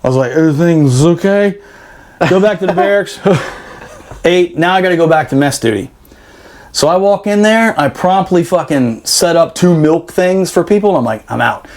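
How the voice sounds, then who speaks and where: A man telling a barracks story on a podcast in a casual, animated way, swearing, laughing and acting out quotes. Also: high-pitched, moderate pace.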